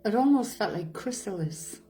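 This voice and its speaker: A woman hosting a live stream as a medium, chatting loosely and answering her viewers' comments as they come in. Her voice is warm and relaxed, sitting at an ordinary pitch for a woman, with faint music playing under her. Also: moderate pace, low-quality recording. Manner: chatty, reads viewer comments aloud and answers them, laughs often. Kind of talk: casual chat on a live stream.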